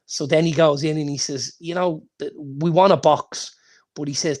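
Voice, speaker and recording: A man's voice: fairly high pitch, fairly even intonation, normal speed, a little mellow. A man, co-hosting a football podcast and telling anecdotes with many false starts. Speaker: podcast co-host. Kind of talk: casual football chat.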